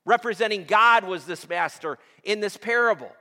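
A man's voice: high-pitched, normal speed, sharp tone. A male pastor preaching a sermon to his congregation, asking them questions and waiting for answers. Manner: addresses the congregation with call-and-response questions. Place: church sanctuary. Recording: long hall reverb.

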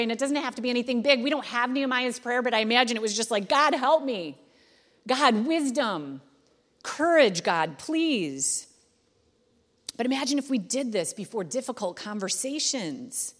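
Woman preaching in a reverberant hall. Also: on the high side. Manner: conversational, animated when acting out quotes. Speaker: pastor. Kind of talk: sermon.

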